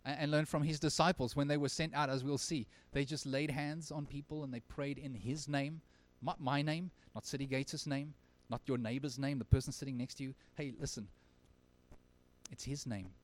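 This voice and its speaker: A male pastor preaching a sermon at a church service, earnest, swinging from emphatic lines to very quiet ones. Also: medium pitch, fairly even intonation, moderate pace.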